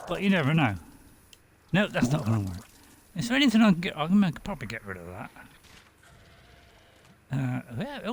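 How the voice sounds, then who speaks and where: A man's voice: a little high, vocal fry, slight background noise. A man giving casual gameplay commentary as a streamer, rambling, talking to himself and chuckling often. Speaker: game streamer.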